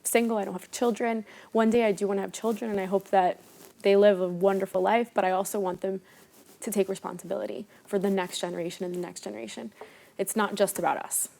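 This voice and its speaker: A woman's voice: mid-range voice, little pitch movement, fast talker, gravelly, darkish tone. A woman in her twenties, a travel influencer and guest, talking earnestly and with emphasis in a casual interview. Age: 20s.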